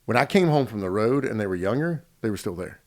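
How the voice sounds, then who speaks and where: A man's voice: lowish voice, lively intonation, fast talker. A man in his forties hosts a casual podcast conversation. He talks candidly, hammering home points by repeating himself, and laughs as he tells stories. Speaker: podcast host.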